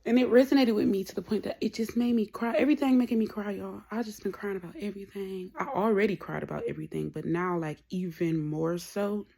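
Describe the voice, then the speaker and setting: A young woman talking candidly in a rambling personal vlog, often dropping to a soft whisper. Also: medium pitch, steady tone, fast, vocal fry, hardly any pauses, slightly rough. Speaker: vlogger.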